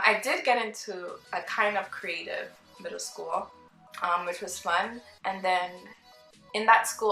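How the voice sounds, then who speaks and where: A young woman vlogger telling a casual storytime, chatty and animated, acting out the people she quotes. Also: mid-range voice, gravelly. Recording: roomy with faint background music.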